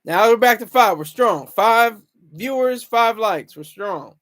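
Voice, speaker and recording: High-voiced man rambling on a livestream. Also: expressive, a little slow, fairly bright tone. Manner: rambling, chatty, reads out chat comments. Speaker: livestream host. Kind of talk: casual livestream chat.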